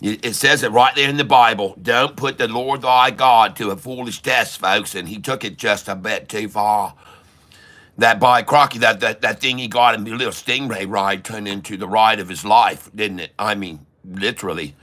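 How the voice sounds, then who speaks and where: A man's voice: on the low side, moderate pace, pushed and bright. A man hosting a live trading stream, chatting casually in a folksy, joking way, laughing often and repeating his words.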